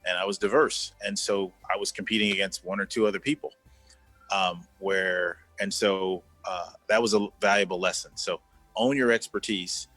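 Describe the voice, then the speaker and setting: A man in his fifties with a low voice speaks as an interview guest over a video call, earnest and deliberate. He repeats key words to press his point. Soft music plays faintly underneath. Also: fairly even intonation, no echo. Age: 50s. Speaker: guest, former executive. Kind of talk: conversational interview.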